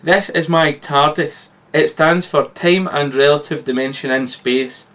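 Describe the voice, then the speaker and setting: A man voicing the Doctor, a gruff, impatient male time traveller who snaps at the kids. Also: fairly high pitch, little pitch movement, unhurried, fairly bright tone. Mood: curt. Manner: curt, snapping.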